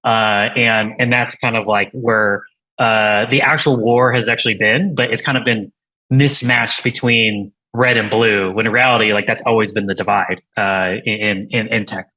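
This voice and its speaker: Man, tech founder, bright forceful tone, rambling, lots of fillers. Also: on the low side, fairly even intonation, normal speed, rough recording. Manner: rambling, many fillers and restarts. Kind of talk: casual interview talk.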